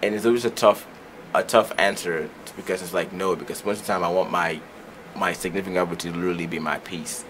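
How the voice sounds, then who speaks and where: A young man from Nigeria talks loosely and rambles as a guest on a radio chat show. His voice sits very low. There is a steady hiss under the recording. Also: fast talker, hardly any pauses, rough recording. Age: young adult. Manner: loose, rambling, laughs loudly. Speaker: guest performer.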